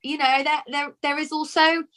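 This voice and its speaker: An actress from Lincoln, England, speaks in a casual interview with a high, sharp voice that barely moves in pitch. At a normal speed she chats away, full of restarts and repeated words.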